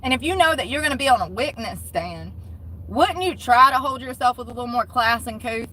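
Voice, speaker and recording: A woman's voice: on the high side, lively intonation, fairly quick, bright, forceful tone, a little hiss or hum, poor audio. A woman giving casual commentary on the news in a blunt, profane, mocking way. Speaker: commentary vlogger.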